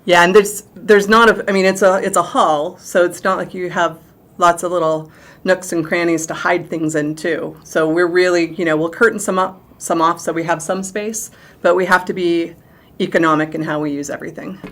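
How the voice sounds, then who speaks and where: A woman's voice: on the low side, fairly even intonation, normal speed, fairly bright tone. A middle-aged woman, a theatre director, chatting animatedly in an interview and laughing easily. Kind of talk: casual interview chat.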